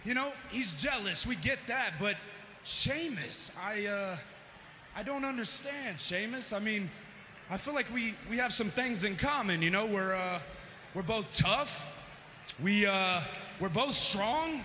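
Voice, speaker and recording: A man's voice: high voice, lively intonation, a little slow, pushed and bright. A male pro wrestler cutting a boastful, trash-talking promo. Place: large indoor arena. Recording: echoey arena with noise.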